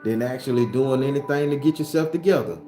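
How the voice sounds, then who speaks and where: A man's voice: medium pitch, fast, dark tone, roomy sound, soft background music. A man hosting a spiritual livestream, talking bluntly and profanely to his viewers in a casual, preachy way.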